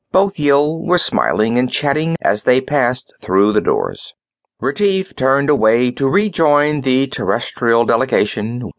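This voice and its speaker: Expressive male audiobook narrator. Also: medium pitch, no room sound, studio quality. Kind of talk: scripted narration.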